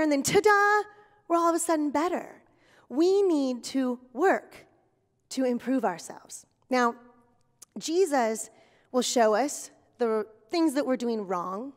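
A woman giving a children's sermon at church, telling stories in an animated, exaggerated way for kids. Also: high voice. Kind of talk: kid's sermon with acted skit. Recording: long reverb in a hall.

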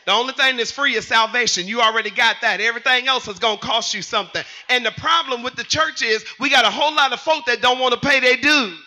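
High bright-voiced shouting preacher man. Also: quick pace, hardly any pauses. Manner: fervent, rising to shouts, sing-song phrases. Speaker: pastor. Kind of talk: preaching a sermon with call and response. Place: church sanctuary.

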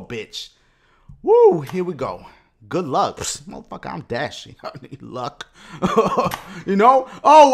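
A man giving loud, profane commentary while he plays a video game, often yelling at what happens on screen. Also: sits high. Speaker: gaming YouTuber. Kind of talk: gameplay commentary.

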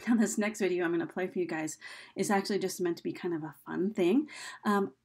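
A woman's voice: on the low side, quick pace, darkish tone, husky. A woman teaching a recorded video lesson in a casual, chatty way, with frequent fillers as she explains.

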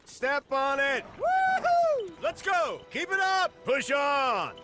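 A shrill, whooping sled driver cheers the team on, as a man puts the voice on. The voice leaps wildly up and down, over loud music. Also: huge pitch swings, slow, heavily acted.

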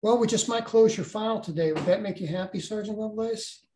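A man's voice: high-pitched, a little fast, reverberant, noisy background, pitched above the performer's own voice, lightly acted. An older man voicing a stern, mocking military major who bullies a young sergeant. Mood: mocking threat. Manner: sarcastic, bullying.

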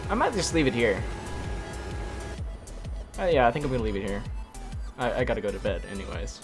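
A man's voice: mid-range voice, sing-song, fast, pauses often. A tired man giving rambling, casual commentary on his own gameplay, talking to himself and swapping swear words for mild ones. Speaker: gaming commentator. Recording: game audio with music underneath.

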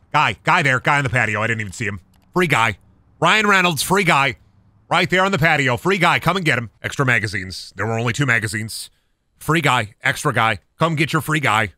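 A man streaming a horror game, talking to himself with profane jokes and sudden shouts. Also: big pitch swings, fairly quick, dry recording, faint music behind. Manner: profane, jokey, talks to himself while playing; sudden high-pitched shouts and sing-song bits. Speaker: gaming streamer. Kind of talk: live-stream gameplay commentary.

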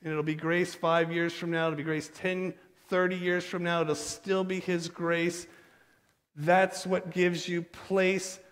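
A man preaching a sermon as pastor, animated and acting out quick bits of dialogue. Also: sits high. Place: church sanctuary. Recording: long church hall reverb.

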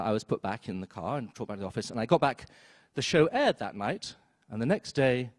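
A man telling a story on stage at a live event, wry and self-mocking, with quick asides and acted-out quotes. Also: mid-range voice, dry recording, studio quality. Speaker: storyteller, film critic. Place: theater stage before an audience.

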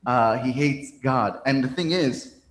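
A man's voice: mid-range voice, a little slow. A man, a priest, telling a story as a sermon in a church sanctuary, talking conversationally with frequent restarts. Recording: roomy church reverb.

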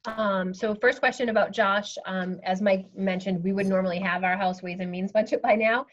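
A woman school official, giving measured updates on a video call with many ums. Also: mid-range voice, steady tone, lo-fi sound. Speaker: school superintendent. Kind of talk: virtual meeting update.

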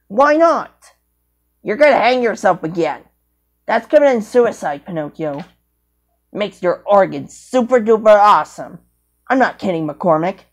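A woman scolding and bantering through improvised toy play, repeating herself with sudden high loud cries. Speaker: vlogger.

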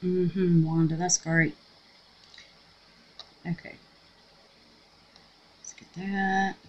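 Chatty woman crafting, low unhurried voice. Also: level tone, a little mellow, lo-fi sound. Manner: chatty, talks to herself and viewers while working. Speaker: resin craft channel host. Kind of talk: casual crafting tutorial talk.

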